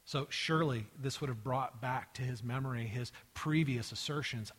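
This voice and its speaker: A man preaching a sermon, acting out the dialogue of the story in lively voices and dropping into hushed, quiet tones. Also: medium pitch, normal speed, hardly any pauses, husky, in a large hall. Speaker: pastor.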